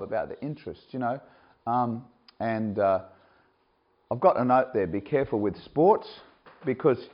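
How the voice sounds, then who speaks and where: A man preaching as a missionary, telling stories and acting out what people said. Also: mid-range voice. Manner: animated storyteller, acts out quoted dialogue with laughs. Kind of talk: sermon with personal stories. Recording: dull lo-fi recording.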